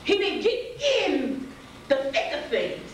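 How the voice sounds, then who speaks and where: High-voiced woman preaching in an echoey hall. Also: slow, distant mic, slight background noise. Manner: lively, acts out voices, laughs often, calls to the congregation. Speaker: pastor. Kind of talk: sermon.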